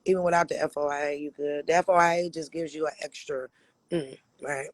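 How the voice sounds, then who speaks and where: A man from Michigan chats on a livestream in a raspy voice that sits high for a man. He answers viewers' questions bluntly, swears freely and laughs often. The sound is dry and close, with no room around it. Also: fairly even intonation, a little fast, no echo. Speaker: livestream host.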